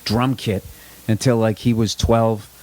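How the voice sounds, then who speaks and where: A man's voice: lowish voice, flat delivery, unhurried, darkish tone. A man guesting on a casual podcast, talking bluntly and animatedly, telling stories and swearing freely. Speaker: comedian guest.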